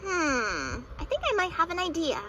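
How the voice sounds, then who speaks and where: Woman doing a cheerful anime schoolgirl, squeaky high, swoops around, plush video. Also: huge pitch swings, moderate pace, sharp tone, a little hiss or hum, heavily acted. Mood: chirpy. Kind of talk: plush toy video voice acting.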